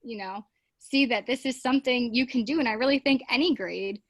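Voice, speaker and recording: A woman teacher talks casually and at length, dotting her speech with fillers and acting out little voices from her class. Her voice sits fairly high. It is recorded dry and close, with no room around it. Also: fairly quick, no room sound. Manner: chatty, many fillers, acts out classroom voices. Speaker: teacher guest. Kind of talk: casual interview chat.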